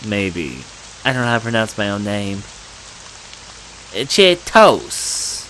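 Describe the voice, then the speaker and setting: A man giving casual let's-play commentary on a horror game. He makes joking, self-mocking asides in a bright voice. His pitch moves a lot, but he talks slowly. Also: animated, slight background noise, rough recording.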